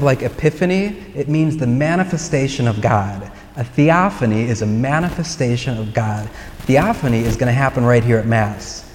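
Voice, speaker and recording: A man's voice: mid-range voice, darkish tone. A man preaching a conversational homily at Mass, retelling a film scene earnestly. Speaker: priest. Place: church at Mass. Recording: long church reverb.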